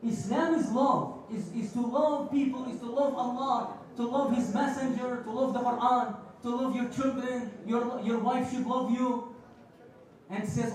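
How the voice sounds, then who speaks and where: A man's voice: very high voice, moderate pace, darkish tone. A man giving a passionate Friday sermon, telling stories and mixing phrases into his talk. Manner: passionate, storytelling, mixes Arabic phrases. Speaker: preacher. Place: large mosque prayer hall. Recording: echoey hall, voice from far off.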